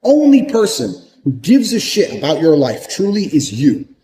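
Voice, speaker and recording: Guy doing a swear-heavy pep talk, dark mellow voice, keeps repeating himself for punch. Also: on the high side, huge pitch swings, moderate pace, low-quality recording. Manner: blunt, profane and emphatic; repeats points for emphasis. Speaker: motivational speaker. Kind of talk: motivational monologue.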